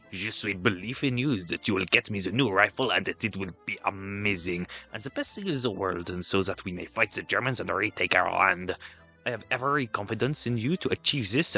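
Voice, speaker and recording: A man's voice: lowish voice, sharp tone. A man voicing a pompous, boastful middle-aged French general in a put-on mock French accent, grandiose and overblown.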